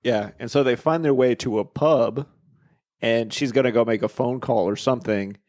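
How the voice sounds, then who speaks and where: A man's voice: mid-range voice, normal speed, darkish tone, no room sound, clean studio sound. A man co-hosting a podcast, recapping a movie in casual chat, joking and teasing with frequent laughs. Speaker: podcast co-host.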